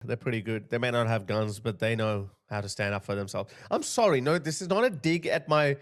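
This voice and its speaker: A man's voice: medium pitch, expressive, brisk. A man in his thirties hosting a reaction commentary, talking in a mocking way and putting on the voices of the people he describes. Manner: mocking, puts on voices of others. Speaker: commentary host.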